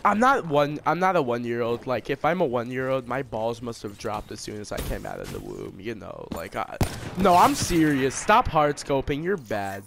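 A man's voice: medium pitch, very animated, normal speed, gravelly, fairly bright tone, a little hiss or hum. A man trash-talking an opponent over online game chat, mocking and insulting. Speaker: online gamer.

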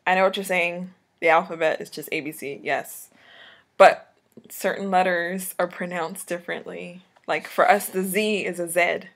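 Gravelly low-voiced Jamaican woman. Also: steady tone, normal speed. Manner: chatty, laughs often, trails off mid-sentence. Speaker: vlogger teaching a lesson. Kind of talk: casual explaining to camera.

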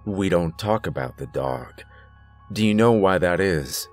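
A man's voice: deep voice, lively intonation, a little slow, faint music behind. A man playing a grave old grandfather. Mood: hushed. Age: older. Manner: grave, hushed warnings. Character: stern old grandfather, secretive and fearful.

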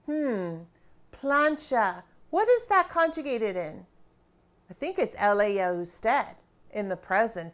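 A woman teaching a grammar lesson, quizzing her students with questions and pauses and praising right answers. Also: fairly high pitch, fairly bright tone. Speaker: Spanish teacher.

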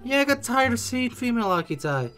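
An excitable gamer joking and exclaiming while reacting to a game's death scenes. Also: mid-range voice, fast talker. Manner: excitable, jokey, exclaims often and mimics characters. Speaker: reaction video creator. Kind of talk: casual game reaction commentary.

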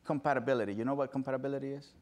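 A man giving an animated storytelling talk at an event, now and then acting out excited dog lovers in high squealing voices. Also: rapid-fire. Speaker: dog behaviorist speaker. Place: event stage.

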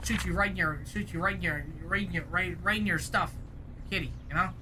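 A woman's voice: fairly low pitch, a little fast, noisy background. A woman giving rowdy, profane commentary while playing a game. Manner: rowdy, profane trash talk. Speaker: gaming streamer. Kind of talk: live gameplay commentary. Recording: game music playing under voice. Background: game music and vehicle sounds.

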